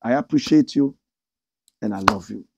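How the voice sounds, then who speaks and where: A man with a Ghanaian accent hosting a casual livestream, animated as he reads out viewer comments. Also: medium pitch, normal speed, vocal fry, slight background noise. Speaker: host.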